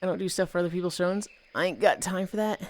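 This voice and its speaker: A woman's voice: fairly low pitch, steady tone, quick pace. A woman streaming from home, chatting casually with her viewers, profane and joking, groaning now and then as she stretches. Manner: profane, joking, reads chat aloud. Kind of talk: casual live-stream chat. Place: at home, indoors.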